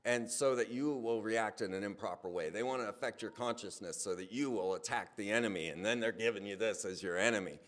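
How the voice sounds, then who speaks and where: Animated man telling a rambling monologue. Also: fairly low pitch, a little fast, few pauses. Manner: animated storytelling, voice rising when excited. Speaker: speaker on a hypnosis channel. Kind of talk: casual spoken monologue.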